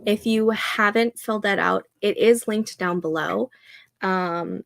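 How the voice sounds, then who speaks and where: Gravelly slow-talking woman host. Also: mid-range voice, a bit bright, no echo. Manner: talks to her dog between remarks to viewers. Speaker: livestream host. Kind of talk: casual chat to a livestream audience. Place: home room at night.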